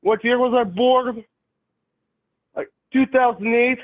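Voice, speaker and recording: Halting man on a phone line. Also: extremely high pitch, fairly even intonation. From Russia. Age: 30s. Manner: halting, broken English, literal-minded. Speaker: caller. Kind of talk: call-in conversation.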